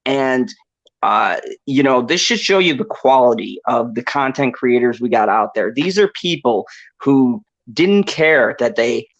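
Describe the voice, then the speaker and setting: A man's voice: medium pitch, lively intonation, measured pace, fairly bright tone. A man hosting a casual panel podcast, impassioned, laughing often and swearing freely. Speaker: podcast host. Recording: dull lo-fi call audio.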